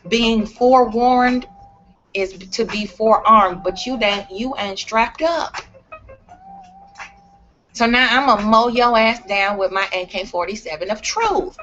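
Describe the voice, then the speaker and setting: A woman's voice: fairly high pitch, measured pace, fairly bright tone, highs cut off, slight background noise. A woman talking straight to camera in a blunt, profane, emphatic rant. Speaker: vlogger. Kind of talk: ranting vlog monologue.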